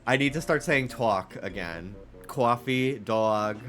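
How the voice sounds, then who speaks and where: Speaking slowly in a mid-range voice, a young streamer with a slight New York accent chats and rambles with his viewers. He's animated and uses plenty of fillers, while faint music runs behind him.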